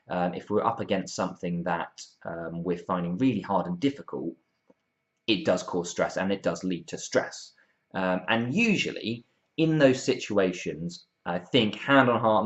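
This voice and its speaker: Guy chatting through a bible passage, lots of ums, low voice, kinda muffled recording. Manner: informal, many ums and restarts, acts out quotes. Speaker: youth Bible talk presenter. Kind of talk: casual Bible talk.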